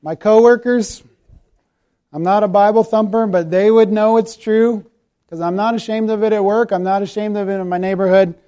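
A man preaching to his congregation in a mellow, warm tone that sits a little high for a man. He talks in an easy, conversational way and pokes fun at himself, then drops to a hushed, prayerful close. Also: steady tone, normal speed, smooth. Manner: conversational, self-deprecating preaching that softens to a quiet prayerful close. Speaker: pastor. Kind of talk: sermon. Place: church sanctuary.

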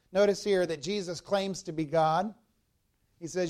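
High-voiced male preacher. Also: measured pace, darkish tone, clean tone. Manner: expository preaching, addressing the congregation directly. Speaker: pastor. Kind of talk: sermon.

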